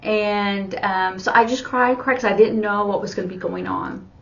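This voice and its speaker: A middle-aged woman, an ASL teacher and interpreter, telling a personal story in a slow, halting way with many fillers. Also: mid-range voice, steady tone, vocal fry, a bit bright. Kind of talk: personal story told while signing. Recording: dull lo-fi sound.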